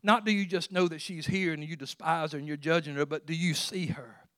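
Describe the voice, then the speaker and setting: A man voicing Jesus as a calm, pleading teacher. He asks earnest questions quietly and slowly. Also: fairly high pitch, lightly acted.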